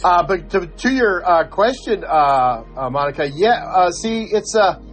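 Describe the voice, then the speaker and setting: A man's voice: sits high, a little slow, faint music behind. An older man co-hosting a podcast, telling a story in casual chat and acting out the dialogue. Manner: animated storyteller, acts out the dialogue. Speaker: podcast co-host.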